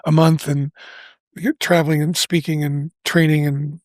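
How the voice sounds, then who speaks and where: A man's voice: on the high side, flat delivery, a little slow, no room sound. A man in his seventies, a podcast guest, telling a personal story candidly and earnestly. He restarts his sentences often and acts out the lines he quotes. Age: 70s.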